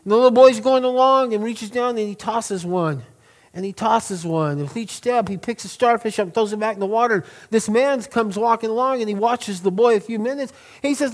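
A man's voice: high voice, fairly quick. A middle-aged man, preaching a sermon in an earnest, emphatic way and drawing out key words. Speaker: pastor.

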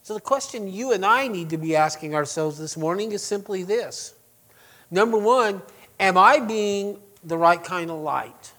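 A man preaching a sermon to his congregation, chatty and full of asides, who swings between loud emphatic passages and quiet, hushed lines. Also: fairly high pitch. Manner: conversational with restarts and asides to the congregation. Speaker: pastor.

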